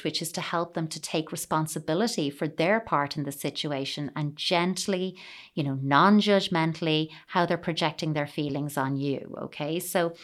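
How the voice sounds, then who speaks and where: Woman, low voice, calm measured parenting advice, coaching tone. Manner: calm, measured, coaching tone with frequent "you know". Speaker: parenting expert.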